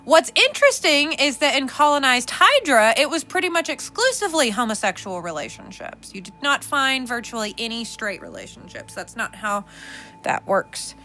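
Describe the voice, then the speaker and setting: A young adult woman hosting a casual podcast, sassy and animated, laughing often. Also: high voice, normal speed, faint music behind. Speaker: podcast host.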